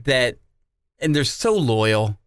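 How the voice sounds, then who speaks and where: A middle-aged man co-hosting a podcast, chatting casually and telling animated, jokey stories. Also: medium pitch, slow, clean tone, no room sound, studio quality. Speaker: podcast co-host. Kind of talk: casual chat.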